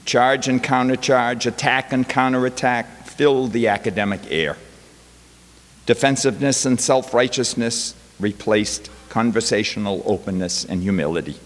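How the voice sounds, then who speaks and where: A male professor giving a chapel talk, telling a classroom story with wry quoted asides. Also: on the low side. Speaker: guest speaker, professor. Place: college chapel. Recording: long hall reverb.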